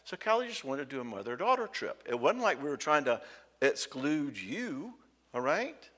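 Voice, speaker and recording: A man's voice: a little high, very animated, normal speed, a bit bright. A man giving a conversational talk at a marriage conference, acting out quoted dialogue and checking in with the audience. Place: church hall. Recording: hall reverb from a church hall.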